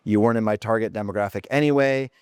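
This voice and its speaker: A man's voice: on the low side, quick pace, darkish tone, smooth, dry recording. Brash man vlogging from his home office. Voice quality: brash, blunt, heavy filler words. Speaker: dating coach vlogger. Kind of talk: casual monologue.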